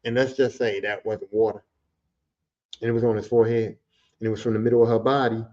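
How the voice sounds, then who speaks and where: Over a lo-fi recording, a fast-talking male podcaster shares an easygoing story in streetwise language with plenty of cursing. Reliving the heated parts, he gets animated and his voice spikes.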